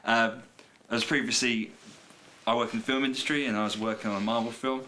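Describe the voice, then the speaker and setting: A man's voice: medium pitch, fairly even intonation, a little fast, sharp tone. A man co-hosting a podcast, talking in an easygoing, joking manner. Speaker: podcast co-host. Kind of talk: casual chat.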